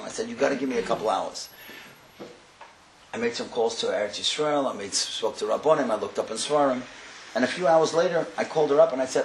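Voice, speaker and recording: A man giving a sermon as a storyteller, impassioned and building to loud emphatic bursts, sprinkling Hebrew and Yiddish words into his English. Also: mid-range voice, fairly quick. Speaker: rabbi speaker. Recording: echoey room with faint ambient noise.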